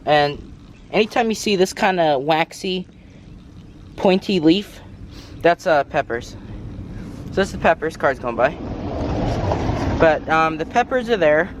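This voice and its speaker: Gardening vlogger, man, slightly high voice, breathless, rambling outdoor camera talk. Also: expressive, a little slow, pauses often, a little hiss or hum. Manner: rambling, self-correcting, apologetic asides. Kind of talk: casual garden tour. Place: outdoors in a garden, cars passing.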